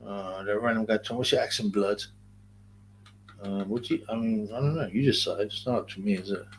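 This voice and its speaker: This livestream host, a Greater London man with a London accent, has a fairly low voice and talks briskly. His stream is casual as he rambles in slang and reads out chat comments.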